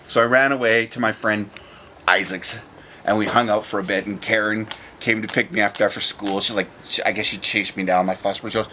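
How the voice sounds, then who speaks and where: A young man telling a childhood story in a casual, animated way, mimicking voices and sounds as he goes. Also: lowish voice, moderate pace, a little hiss or hum.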